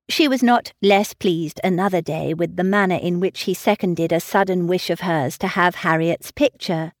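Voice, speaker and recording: Here a woman narrates a classic novel as an audiobook reader, her fairly low voice measured and expressive. It's scripted narration captured at studio quality, free of any room sound.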